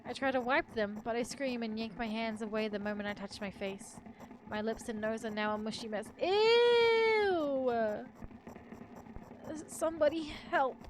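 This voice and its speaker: A woman's voice: fairly high pitch, background noise. A woman streamer reading a horror story aloud in the first person, with joking asides.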